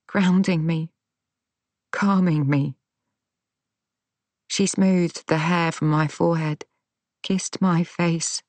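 A woman narrating a first-person audiobook in a measured, tense, dramatic way. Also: fairly low pitch, a little mellow, no room sound.

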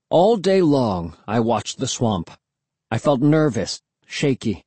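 Husky man narrating a storybook. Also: medium pitch, very animated, slow, mellow, no room sound. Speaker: audiobook narrator. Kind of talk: first-person storybook narration.

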